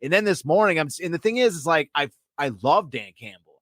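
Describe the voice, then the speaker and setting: A man co-hosting a casual sports podcast, talking in long excited runs and acting out quotes from press conferences. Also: fairly high pitch, fast talker, no room sound, clean studio sound. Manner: rambling, excitable, acts out quotes. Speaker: podcast co-host.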